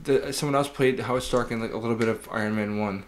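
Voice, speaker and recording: A man's voice: mid-range voice, steady tone, fast, slight background noise. A young man co-hosting a movie review podcast, dry and blunt, with a teasing streak. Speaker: podcast co-host. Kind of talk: casual movie review chat.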